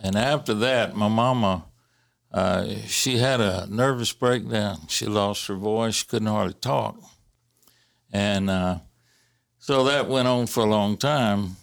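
A man casually telling family stories in a halting way, with many fillers and restarts and the odd chuckle. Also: fairly low pitch, gravelly. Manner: chuckles while recalling. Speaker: interviewee recalling family history. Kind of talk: casual storytelling.

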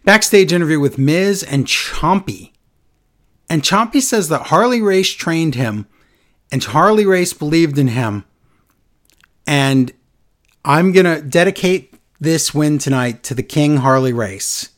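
A man chatting casually on a podcast, animated and acting out quotes in a lowered voice. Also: a little slow. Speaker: podcast co-host recapping wrestling. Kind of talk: casual chat.

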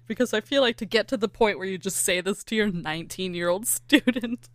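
Californian woman host, animated, laughs a lot, dry close sound, casual chat. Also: medium pitch, brisk, few pauses, dry recording. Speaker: podcast host.

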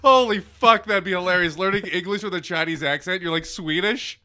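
A man's voice: sits high, brisk. A man co-hosting a podcast, joking crudely and swearing, laughing often. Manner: loud, profane, laughs often. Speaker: podcast co-host. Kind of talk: crude comedic banter.

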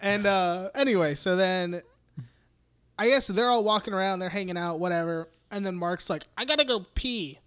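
A man with a high voice chats loosely on a podcast, walking through a film scene by scene. He swears freely, restarts his sentences and drops into little mock quotes of the characters. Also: moderate pace, a bit bright, smooth. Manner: rambling, profane retelling of scenes with mock quotes. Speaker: podcast co-host. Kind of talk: casual movie chat.

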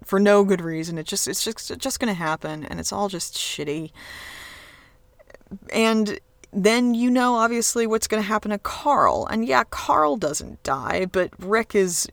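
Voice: medium pitch, vocal fry, a bit bright, no echo. A TV reviewer talking casually and sarcastically, rambling with restarts and swearing freely. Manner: frequent restarts and fillers. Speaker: episode reviewer.

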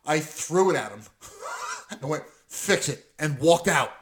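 A middle-aged man with a bright, slightly high voice spins angry, profane stories in casual talk. He jumps into the voices of the people he describes, swearing freely as he goes. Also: expressive, a little slow. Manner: heated, profane storyteller acting out quotes. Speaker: podcast co-host. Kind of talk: casual chat, storytelling.

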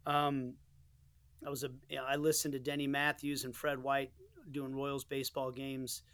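A man's voice: medium pitch, completely flat delivery, moderate pace, a bit bright, clear, resonant tone, dry recording. A middle-aged man, a soccer commentator from the United States, telling stories in a casual interview, earnest and rambling with many restarts and asides. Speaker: soccer play-by-play commentator, guest.

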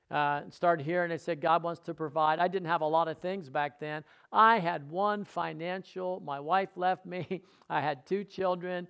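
A man's voice: on the high side, fairly bright tone. A man preaching a sermon, telling his own testimony earnestly, repeating phrases for emphasis and dropping his voice for asides.

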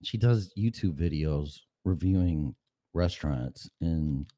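A podcast host chatting casually and profanely during a sound check, rambling and often clearing his throat. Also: rumbling low, lively intonation, slow pace, warm tone.

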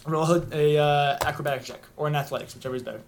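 A man runs a tabletop game as game master and narrates the scene in a loose, rambling way, full of ums and uhs. His voice sits a little high. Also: fairly even intonation, very fast, background noise.

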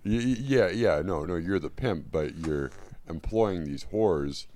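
A man's voice: low-pitched, animated, unhurried, darkish tone. A man in casual comedy podcast chat, rambling and hesitant with many fillers and restarts.

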